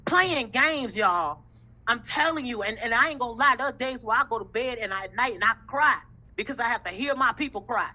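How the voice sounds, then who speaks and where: A woman's voice: on the high side, lively intonation, a little fast, sharp tone, slightly rough, rough recording. A woman giving an impassioned testimony in a faith discussion, emphatic and repetitive with a preaching cadence. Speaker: group discussion member.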